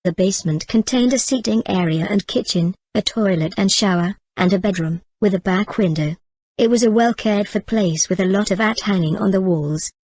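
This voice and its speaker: A woman reading a novel aloud as audiobook narrator, in a steady, clear reading manner. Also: medium pitch, moderate pace, dry recording. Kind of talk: scripted storybook narration.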